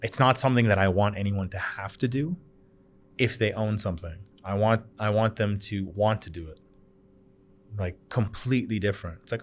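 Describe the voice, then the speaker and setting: A Canadian man in his thirties with a lowish voice talks at a normal pace. He owns a bar and is a guest on a podcast, chatting casually and telling stories with animation, acting out the voices of the people he quotes.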